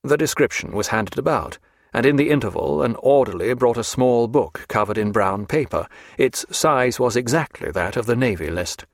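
A man reads a period novel aloud as an audiobook, measured and clear. His pitch rises and falls freely, and the recording is dry and close. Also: lively intonation, no room sound. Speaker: audiobook narrator. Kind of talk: scripted audiobook narration.

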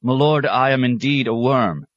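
A man's voice: medium pitch, normal speed, no room sound, muffled recording, voice pushed up, natural voice. A man voicing a timid seventeen-year-old novice monk who stammers and gasps his replies. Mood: anxious. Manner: stammering, breathless.

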